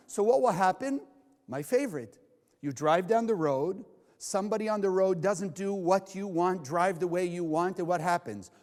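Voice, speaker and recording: A man with a high-sitting voice teaches Kabbalah to a live audience, and a long reverb tail trails his words. He is animated, putting questions to the crowd and acting out the voices inside people's heads.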